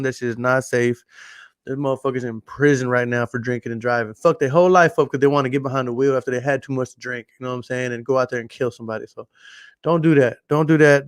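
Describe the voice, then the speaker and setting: Brief: male podcast host, Texan accent, casual profane storyteller, mid-pitched voice, dry close recording. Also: no room sound. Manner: profane, storytelling, repeats phrases for emphasis. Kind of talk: casual late-night podcast monologue.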